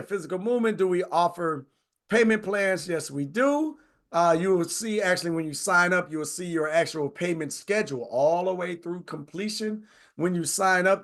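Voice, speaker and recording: Man host, slightly higher voice, talkative. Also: fairly bright tone. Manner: chatty, conversational, says "right?" often. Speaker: travel tour host. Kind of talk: casual presentation.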